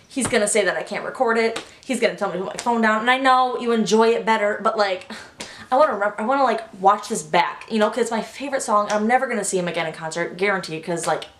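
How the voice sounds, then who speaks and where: A young woman telling a story in a casual vlog, gushing and excitable, full of "like". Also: medium pitch, quick pace, slight background noise. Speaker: vlogger. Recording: echoey room.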